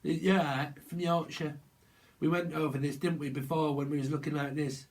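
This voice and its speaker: A man giving a casual, rambling tarot reading, chuckling and slipping into quick put-on voices. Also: a little high, level tone, darkish tone. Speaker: tarot reader.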